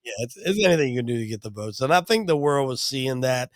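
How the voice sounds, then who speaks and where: A man's voice: medium pitch, animated, fast, dry recording, clean studio sound. A man hosting a podcast, giving blunt, profane opinions in casual talk. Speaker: host.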